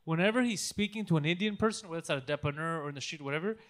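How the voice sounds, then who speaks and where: High, bright-voiced man telling a story. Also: very fast. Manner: animated storyteller, acts out voices, laughs often. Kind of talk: casual chat, storytelling.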